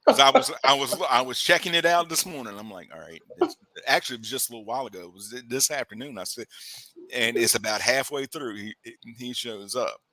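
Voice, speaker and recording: A man co-hosts a relaxed movie-review podcast and talks about the film with plenty of energy. His voice is bright and ringing, and it rises and falls a lot as he acts out little scenes. He is chatty and full of jokes. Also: mid-range voice, no echo. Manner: animated, acts out characters in quick asides. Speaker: podcast co-host. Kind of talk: casual movie-review chat.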